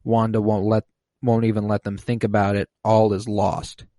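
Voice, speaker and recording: A man co-hosting a casual podcast, animatedly retelling scenes and jumping into high voices for the quotes. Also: little pitch movement, normal speed, warm tone, no echo. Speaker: podcast co-host recapping a TV episode. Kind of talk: casual chat.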